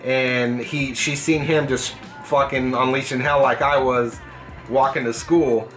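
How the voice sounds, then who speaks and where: A young man hosting a vlog, casually telling a story from school, swearing freely and animated. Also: mid-range voice, measured pace, faint music behind. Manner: profane, animated, puts on voices in quotes. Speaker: gaming channel host.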